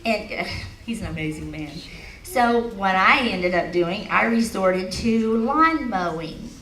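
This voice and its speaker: This middle-aged expo speaker has a mid-range, animated voice and a measured pace. She tells a personal story, laughing along the way, then guides the crowd through affirmations in her motivational talk. The recording comes from a distance in an echoey large hall with a noisy background.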